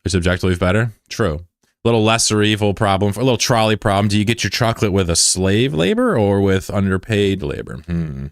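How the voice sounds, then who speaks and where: Deep-voiced sarcastic young man streaming. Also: lively intonation, a little fast, dry recording, clean studio sound. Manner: joking, sarcastic, rambling. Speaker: game streamer. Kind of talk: casual livestream chat.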